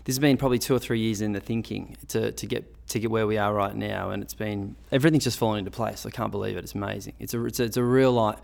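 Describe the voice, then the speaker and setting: Australian man, middle-aged, gravelly and low, keen podcast guest. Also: fairly even intonation, fast talker, hardly any pauses, a little mellow. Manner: upbeat, enthusiastic, with frequent restarts. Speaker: podcast guest, business owner. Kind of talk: casual interview chat.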